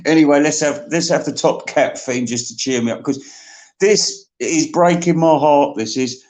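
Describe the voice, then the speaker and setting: A man's voice: fairly high pitch, moderate pace, darkish tone. A man hosting a comedy podcast, rambling through a theatrical, mock-emotional monologue.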